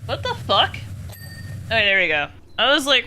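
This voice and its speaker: A young woman streaming a game, chatting casually and swearing at it out loud. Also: fairly high pitch, sing-song, normal speed, pauses often, slight background noise. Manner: swears often, scolds the game aloud. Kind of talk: casual gameplay commentary.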